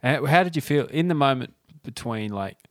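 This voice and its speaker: A man's voice: medium pitch, lively intonation, normal speed, dry recording. A man co-hosting a podcast, asking questions with dry quips. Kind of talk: casual chat.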